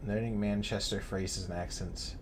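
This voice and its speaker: A man with a low voice makes dry, sarcastic remarks while he chats over a game with a friend. Faint noise and game ambience sit behind him. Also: steady tone, normal speed. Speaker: co-player. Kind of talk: casual gaming chat.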